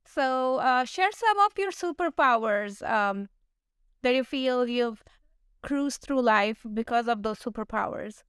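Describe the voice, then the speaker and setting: Hesitant high-voiced woman host. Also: lively intonation, takes it slowly, clean tone, no echo, studio quality. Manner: hesitant, many ums, encouraging. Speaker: podcast host. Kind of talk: casual interview chat.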